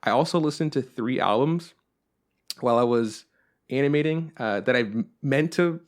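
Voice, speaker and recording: Young male podcast co-host, loose and rambling, swears freely, middle-pitched voice. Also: moderate pace. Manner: rambling and profane, with frequent fillers. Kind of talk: casual chat.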